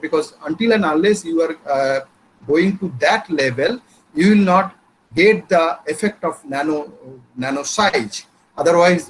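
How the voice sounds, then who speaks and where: A man with an Indian English accent giving an academic lecture, explaining step by step with frequent pauses and hesitations. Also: on the high side, a little hiss or hum, low-quality recording.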